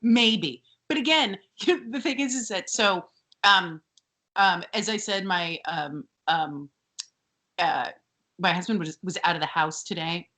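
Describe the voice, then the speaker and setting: Woman podcast co-host, bright tone, chatty and filler-heavy, laughs a lot. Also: fairly low pitch, takes it slowly. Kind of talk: casual chat.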